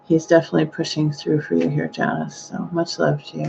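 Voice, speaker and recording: Gentle gravelly-voiced woman medium. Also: deep voice, sing-song, a little fast, lo-fi sound, noisy background. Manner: gentle, hesitant, with sighing exclamations. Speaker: psychic medium. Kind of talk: live-streamed psychic reading.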